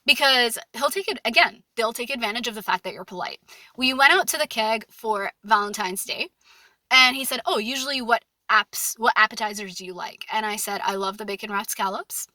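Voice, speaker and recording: Bright chatty woman giving dating advice. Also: on the high side, fairly quick, no echo. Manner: chatty, frank, anecdote-driven with many fillers. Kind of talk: casual opinion monologue.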